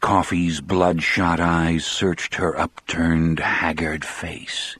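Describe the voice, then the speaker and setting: Man reading an audiobook, measured and grave, very deep, slow, husky, dry close sound. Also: fairly bright tone, dry recording. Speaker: audiobook narrator. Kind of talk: scripted narration.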